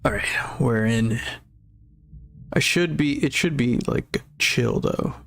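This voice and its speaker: A man's voice: mid-range voice, takes it slowly, creaky. A tired young man hosting a game stream, rambling casually and swearing now and then while he sorts out the settings. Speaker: gaming streamer. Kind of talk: casual gameplay stream talk.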